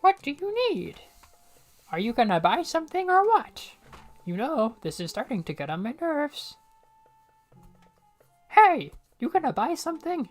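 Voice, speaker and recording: A woman's voice: high voice, very animated, measured pace, long pauses, faint music behind, voice pushed up. A woman voicing an impatient, rude shopkeeper who snaps at customers to buy something. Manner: pushy, snappy, calling out to customers.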